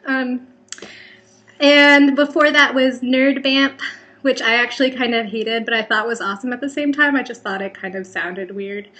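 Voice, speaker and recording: A young woman with an American accent chats on a home vlog, rambling and poking fun at herself between plenty of ums. Her voice sits a little high and rings bright and sharp. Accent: General American. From California, Bay Area. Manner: rambling, self-deprecating, chatty with many fillers. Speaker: vlogger. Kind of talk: casual vlog chat.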